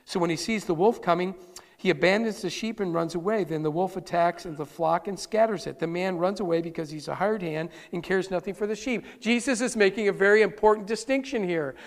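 High-voiced male pastor in a reverberant church. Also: a little fast. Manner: earnest, conversational, addresses the congregation directly. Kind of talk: sermon. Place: church sanctuary. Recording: long reverb of a large hall.

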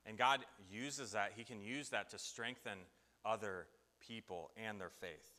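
A man preaching a sermon, telling a Bible story with lively acted-out voices. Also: lowish voice, unhurried, big-room sound. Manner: animated storytelling, acts out biblical voices.

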